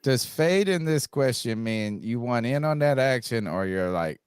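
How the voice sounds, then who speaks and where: A man's voice: medium pitch, animated, unhurried, clean tone, no room sound, studio quality. A man hosting a sports podcast, chatting casually and joking around. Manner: playful, joking. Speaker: podcast host.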